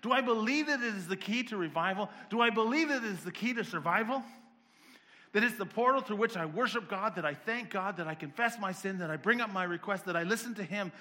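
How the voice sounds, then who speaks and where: A male preacher whose voice sits high and rings bright. He fires off rhetorical questions one after another, building each run toward fervent intensity. Between runs he drops in a wry, self-deprecating aside. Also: animated, quick pace. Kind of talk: sermon.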